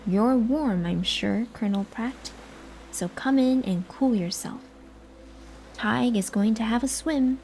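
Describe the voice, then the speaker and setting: A woman's voice: fairly high pitch, slow, a little mellow, soft background music. A woman whispering as a mocking invisible fairy spirit. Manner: taunting, laughing ho ho ho. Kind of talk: whispered role-play.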